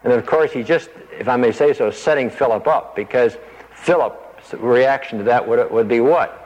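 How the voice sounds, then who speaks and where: Guy doing a chatty bible lesson, mid pitch voice, lots of hall echo hanging on it. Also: moderate pace, a little mellow, muffled recording. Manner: thinking aloud, dramatizes quoted scripture. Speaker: Bible teacher. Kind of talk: conversational Bible teaching.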